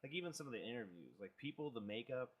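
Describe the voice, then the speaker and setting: A young man hosts a podcast in easygoing casual chat. He talks in a relaxed way, peppers his lines with "dude," and breaks into loud laughing bursts now and then. His voice sits at an ordinary mid pitch. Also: fast talker, breathy edge, muffled recording. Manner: laid-back, says "dude" often, bursts into loud laughing exclamations. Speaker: podcast host.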